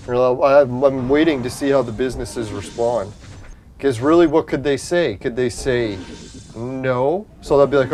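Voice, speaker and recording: A man's voice: mid-range voice, normal speed, darkish tone. Rambling, foul-mouthed male streamer. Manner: rambling, profane, laughs at his own points; addresses chat viewers directly. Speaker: livestreamer chatting with viewers. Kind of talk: casual livestream chat.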